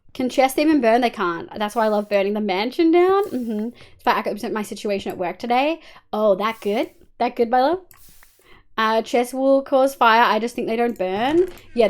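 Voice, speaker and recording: Lively Australian woman streamer, swears freely. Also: a little high. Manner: exasperated, swears a lot, chats with viewers. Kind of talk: live game stream chat.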